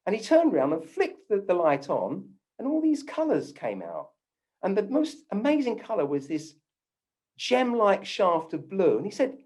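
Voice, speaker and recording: A man recounts events to an audience, his pitch rising and falling in a lively way and sitting a little high for a man. He acts out the voices of people he quotes. He often pauses on "um" and restarts his sentences. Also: husky. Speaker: doctor giving a talk. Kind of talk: personal storytelling talk.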